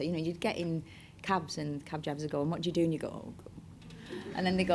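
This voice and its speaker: During an onstage interview, a Bolton actress with a Northern English accent rambles through anecdotes and impersonates the people she quotes. Her voice is on the low side and fast, carrying a little hiss or hum.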